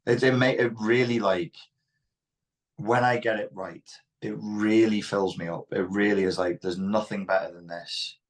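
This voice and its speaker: A man's voice: on the low side, steady tone, normal speed. A man with a Liverpool Scouse accent, speaking frankly and reflectively as an interview guest. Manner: reflective, frank, occasionally swears. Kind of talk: candid interview talk.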